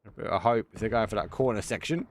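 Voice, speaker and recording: A man with a lowish voice calls a live esports match play-by-play. He talks in short, quick bursts and gets excited as the action builds. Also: slight background noise. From Essex, England. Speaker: esports caster. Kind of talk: live play-by-play game commentary.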